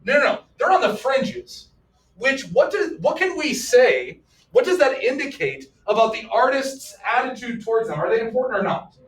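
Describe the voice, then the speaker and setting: A man's voice: very high-pitched, normal speed. A man teaching a history class, joking around and firing questions at his students. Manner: animated, joking, fires off questions. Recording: echoey classroom, mic far off.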